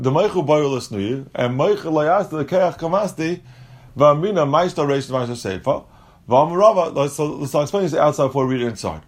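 A man teaching a Talmud lesson, explaining step by step and mixing English with Aramaic and Hebrew terms. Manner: animated, jumps in pitch when acting out quotes.

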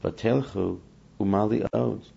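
A man's voice: fairly low pitch, unhurried, creaky, dark tone, slightly rough, lo-fi sound. A man teaching a scripture lesson, reading Hebrew verses and explaining each one in English while acting out the speakers in the text. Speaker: Torah teacher.

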